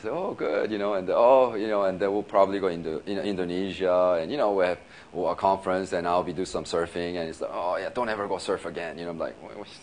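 A man's voice: deep voice, steady tone, fast, a little mellow, a little hiss or hum. Laughing male pastor telling a story. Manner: casual, laughing often, many restarts and "you know". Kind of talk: sermon storytelling.

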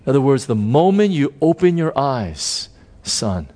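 A man preaching a sermon as pastor, swinging between hushed, slow passages and loud, emphatic bursts. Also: medium pitch, very animated.

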